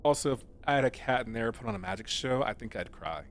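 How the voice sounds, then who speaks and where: A man's voice: mid-range voice, lively intonation, fast talker, a little hiss or hum. A man streaming a video game, chatting casually and joking in a rambling, playful way. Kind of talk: casual let's-play commentary.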